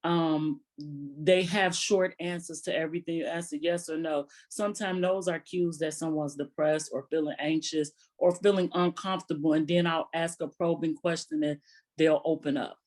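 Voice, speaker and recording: A woman physician answering interview questions calmly, telling stories and quoting her patients. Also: low voice, normal speed. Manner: calm, storytelling with quoted patients.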